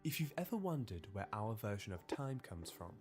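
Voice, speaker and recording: A man giving measured, storytelling documentary narration. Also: fairly low pitch, big pitch swings, darkish tone, soft background music.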